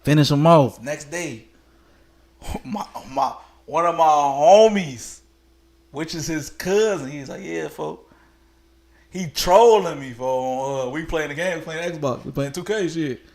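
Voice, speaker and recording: A man's voice: fairly high pitch, takes it slowly. A young man streaming, telling a story to his viewers in casual street slang and laughing often. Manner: animated, laughs a lot, slangy street talk.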